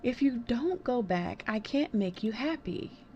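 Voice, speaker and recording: A woman's voice: on the high side, animated, unhurried, mellow, muffled recording, slight background noise. Earnest android helper, read by a woman. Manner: reads game text aloud plainly. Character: earnest android made to please humans.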